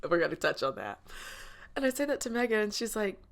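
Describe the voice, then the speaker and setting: Animated woman telling a story. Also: fast talker, gravelly. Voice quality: animated, lots of quoted voices and pitch jumps. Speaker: podcast host. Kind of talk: casual storytelling monologue.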